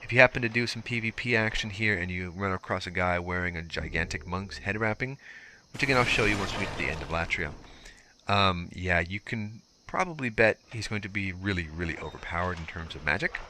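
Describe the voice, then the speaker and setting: A man's voice: sits low, fairly quick, sharp tone, slight background noise. A young man giving casual, explanatory walkthrough commentary over gameplay, with filler words as he goes. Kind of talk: let's play walkthrough commentary.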